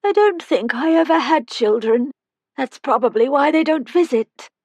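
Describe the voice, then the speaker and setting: A woman voicing a frail, forgetful old woman who talks in a high-pitched, vague and cackling way. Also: lively intonation, moderate pace, a little mellow, dry recording. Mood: vague, wry.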